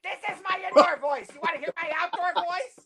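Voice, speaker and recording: A brash little plunger puppet with a high, squeaky voice, done by a man. He teases, begs for kisses and likes to boast about being loud. The feel is childlike and cheeky. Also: a little fast, a loud crowd.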